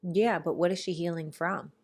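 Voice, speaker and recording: A woman hosting a podcast in casual chat, telling stories in an animated, rambling way with quick asides. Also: lowish voice. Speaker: podcast host.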